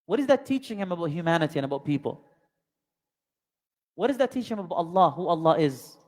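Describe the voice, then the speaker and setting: A man's voice: a little high, big pitch swings, fast talker. A man giving a religious lesson as a storyteller, asking many rhetorical questions and mixing in Arabic terms. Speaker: Islamic teacher. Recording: long hall reverb.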